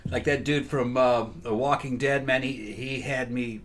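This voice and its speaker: A man's voice: mid-range voice, steady tone, normal speed, a bit bright. A man from the Southern United States with a Southern American accent, co-hosting a casual movie podcast in a loose, rambling way, swearing often. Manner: loose, profanity-heavy, rambling. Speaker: podcast co-host.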